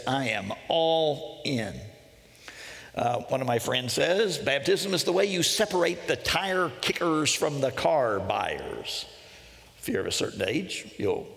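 A man's voice: mid-range voice, vocal fry, fairly bright tone. A man preaching a sermon, telling stories with self-deprecating humor. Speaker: pastor. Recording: long hall reverb.

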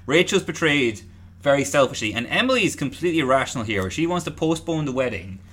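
A man's voice: mid-range voice, animated, quick pace, fairly bright tone. A man in his twenties, co-hosting a casual podcast and recapping a TV episode in a jokey, rambling way. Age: 20s. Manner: rambling, jokey, full of fillers. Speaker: podcast co-host.

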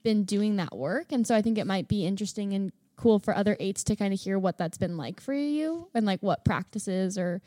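A woman's voice: medium pitch, expressive, brisk, few pauses, dark tone, no echo, studio quality. A woman co-hosting a casual podcast chat, tentative and trailing off at the ends of her thoughts.

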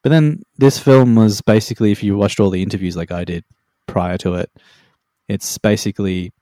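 A man's voice: lowish voice, fairly even intonation, moderate pace, mellow, no echo, studio quality. A man in a laid-back, opinionated casual chat, with fillers like "like" and "man".

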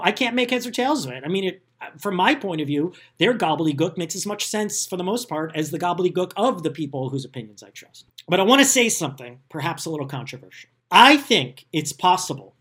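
A man's voice: a little high, fairly bright tone. A man hosting a podcast, talking in a casual, sarcastic and self-deprecating way about politics. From United States. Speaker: podcast host.

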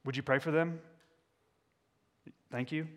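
A man's voice: on the high side, fairly even intonation, a little slow. A man preaching a candid sermon as a pastor, putting questions to the congregation. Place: church sanctuary. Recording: echoey church hall.

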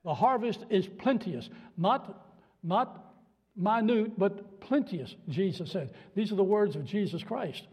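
A man's voice: high voice, expressive, slow, darkish tone, breathy edge. Folksy older man preaching in a church. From Virginia. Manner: folksy, joking, emphatic. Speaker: guest preacher. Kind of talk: sermon with jokes. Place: church sanctuary. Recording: dull sound with long church reverb.

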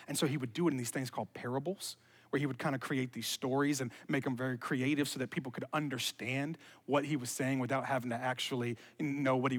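A man's voice: medium pitch, pushed and bright, long reverb tail. A male pastor giving a conversational sermon, emphatic and repeating his key phrases with chatty asides.

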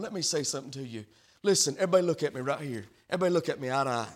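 A male pastor preaching a sermon, swinging from quiet, hushed passages to loud, fervent calls. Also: a little high, expressive, rapid-fire. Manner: preaching with big swings from soft to shouting.

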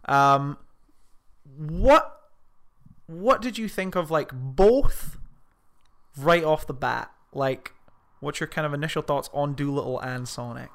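Sweary chatty man, higher voice. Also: slow pace, fairly bright tone. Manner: swears freely, reads out online comments with amused relish. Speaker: podcast co-host. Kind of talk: casual film review chat.

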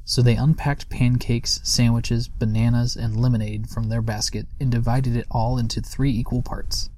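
A man narrating a children's storybook aloud in a steady, gentle manner. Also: medium pitch, dry recording.

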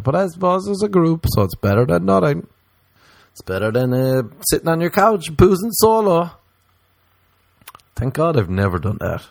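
A man from Ireland with a Cork accent, telling comic stories in a rambling, animated chat full of crude humor and tangents. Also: a little high, normal speed, creaky, pauses often, no echo. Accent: Irish, Cork.

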